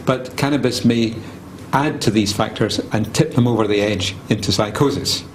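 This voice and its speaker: Man, professor in an interview, low voice, measured explanations with pauses, faint background noise. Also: poor audio. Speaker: psychiatry professor. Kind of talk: expert interview.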